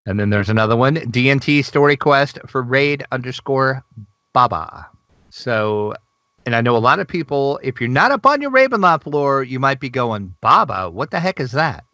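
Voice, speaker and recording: A man co-hosting a casual gaming news podcast, excitable and gushing, laughing often. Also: medium pitch, moderate pace, no echo, muffled recording. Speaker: podcast co-host.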